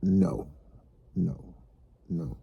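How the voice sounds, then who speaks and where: Animated gravelly man on a podcast. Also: extremely slow, no room sound, muffled recording. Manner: animated storyteller, swings up into high exclaims. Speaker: podcast co-host. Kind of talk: casual podcast conversation.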